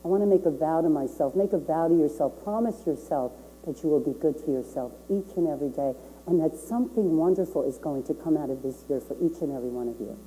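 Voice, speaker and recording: A woman's voice: deep voice, fast, few pauses, warm tone, slight background noise, poor audio. An older woman minister giving a sermon, earnest and repeating key phrases for emphasis.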